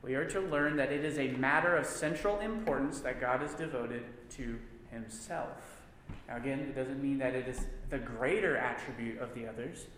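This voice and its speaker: A man's voice: mid-range voice, moderate pace, a bit bright, a little hiss or hum. A man teaching a church Bible class, stressing points by repeating words. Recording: echoey room with long reverb.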